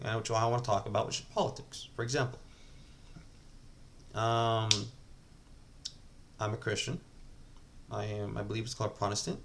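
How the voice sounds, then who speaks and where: A man's voice: medium pitch, a little hiss or hum. A man talking casually to camera at home in a rambling, hesitant confessional, restarting sentences often. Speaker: vlogger.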